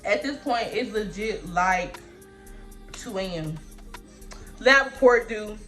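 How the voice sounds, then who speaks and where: A young woman telling a storytime vlog in casual slang, acting out voices with big jumps in pitch. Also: slow pace, soft background music. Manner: animated storytelling, acting out her own and others' lines with big pitch jumps. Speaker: vlogger.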